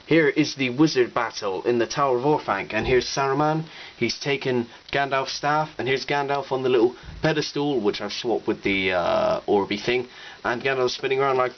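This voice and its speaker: A man giving a chatty, upbeat show-and-tell tour of his collection at home, with playful asides. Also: medium pitch. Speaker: toy collection vlogger. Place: room at home with display shelves. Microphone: cheap digital camera. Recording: dull camera audio with faint hiss.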